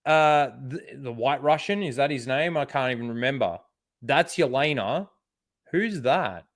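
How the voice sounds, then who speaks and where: A man's voice: medium pitch, animated, a little slow. A man hosting his own channel, chatting casually and reacting to trailers, rambling with fillers and the odd swear word. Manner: rambling, swears freely, many fillers and asides. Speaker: channel host. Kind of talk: casual reaction commentary on a livestream.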